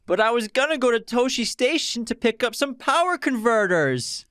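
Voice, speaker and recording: A man doing a whiny, petulant teenage farm boy from a film, in a high nasal voice. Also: expressive, normal speed, fairly bright tone, smooth, no room sound, clean studio sound.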